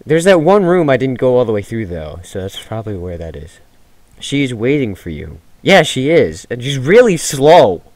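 A man's voice: mid-range voice, big pitch swings, normal speed, darkish tone, no room sound. A man giving rambling, jumpy commentary on a horror game he is playing, yelping when startled. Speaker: gaming YouTuber. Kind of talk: let's play commentary.

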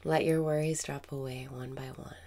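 A woman leading a guided meditation, speaking slowly and softly, often dropping into a half-whisper. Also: very deep voice, steady tone.

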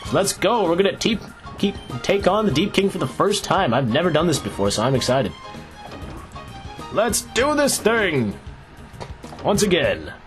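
Man, chatty gameplay commentary, laughs a lot, bouncy lively voice, game music in the background. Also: a little high, brisk. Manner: excitable, laughs often, chatty. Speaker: Let's Play host. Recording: game music playing underneath. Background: video game music.

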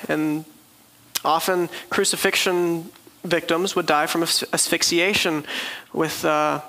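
A man's voice: a little high, gravelly, sharp tone, poor audio. A man preaching a sermon, telling the story earnestly and vividly.

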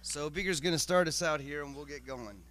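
A man casually opening a seminar, relaxed and wry. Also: on the high side, fairly quick. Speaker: seminar organizer.

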